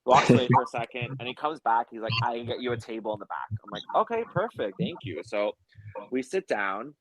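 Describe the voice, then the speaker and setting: A man's voice: mid-range voice, a little fast, crowd noise, rough recording. Young man telling a rambling story. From United States. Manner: rambling storyteller, many fillers. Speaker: guest. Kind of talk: casual chat.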